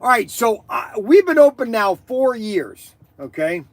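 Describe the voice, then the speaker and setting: A man hosts a live stream in a high, bright-edged voice with a dry, close sound. He rambles excitably from one thought to the next and fills the gaps with ums and uhs. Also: unhurried, dry recording. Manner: rambling, excitable, many fillers. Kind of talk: casual live-stream chat.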